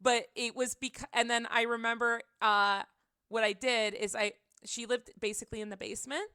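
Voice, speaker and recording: A woman chatting on a home livestream, rambling and giggly, with many filler words and sudden excited reactions to her chat. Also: on the high side, moderate pace, smooth, no room sound, clean studio sound. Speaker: streamer.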